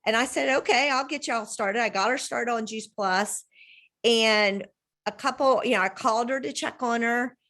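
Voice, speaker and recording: A woman, hosting a casual video-call chat from home and telling stories with lively, acted-out quotes. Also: normal speed. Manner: animated storyteller, acts out quotes with big pitch jumps. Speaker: host.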